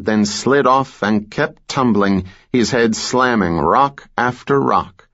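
A man narrating a thriller audiobook in a measured, steady way. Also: mid-range voice, dull audio.

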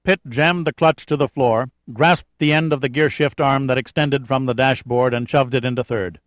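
A man giving steady scripted narration of a thriller audiobook. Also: medium pitch, moderate pace, dry recording. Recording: dull lo-fi dry recording.

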